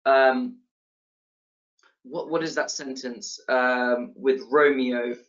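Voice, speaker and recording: A man teaching a casual literature lesson, relaxed, with many fillers and restarts. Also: medium pitch, slow. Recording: slightly dull lo-fi sound.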